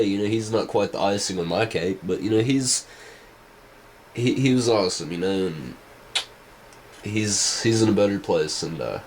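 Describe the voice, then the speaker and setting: A man's voice: deep voice, a little hiss or hum, low-quality recording. A man vlogging casual rambling commentary, hesitant and full of restarts. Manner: hesitant, many fillers and restarts.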